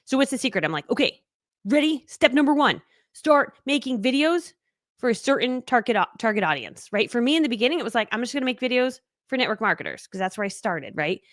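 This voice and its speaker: A woman's voice: fairly high pitch, very animated, quick pace, no echo, clean studio sound. A woman in her thirties from New England, leading a live online training as a business coach, talking in a bubbly, chatty way with playful acted quotes. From New England, United States.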